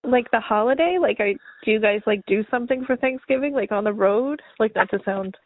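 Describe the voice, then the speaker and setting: A woman's voice: fairly high pitch, fairly quick, no echo. A woman in her thirties co-hosting a podcast, rambling in casual chat, full of "like" and giggles. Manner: says "like" constantly, rambling and giggly. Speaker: podcast co-host. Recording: dry, tinny phone-like sound.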